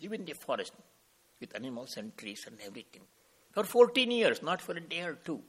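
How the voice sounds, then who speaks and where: Speaking in a husky, somewhat high voice, a spiritual teacher offers a devotional discourse, narrating a sacred story with slow calm and clarifying Sanskrit words as they come up.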